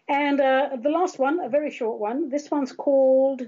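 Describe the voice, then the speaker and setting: Middle-aged woman, podcast host, mellow and dry-witted, self-deprecating asides, on a somewhat dull recording. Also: sits high, slow, long pauses. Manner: wry, self-mocking humor with playful asides. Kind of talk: chatty solo podcast monologue.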